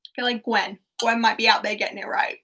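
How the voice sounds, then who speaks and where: Giggly high-voiced woman hosting a quiz. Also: steady tone, quick pace, sharp tone, slightly rough. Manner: chatty, giggly, reads out viewer answers. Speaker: quiz host. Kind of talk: casual livestream chat.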